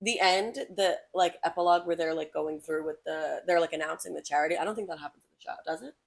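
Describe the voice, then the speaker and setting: Young female podcast co-host, lower register, rambling casual delivery full of fillers. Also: quick pace, vocal fry. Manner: chatty, many "like" fillers, thinks aloud. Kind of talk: casual chat.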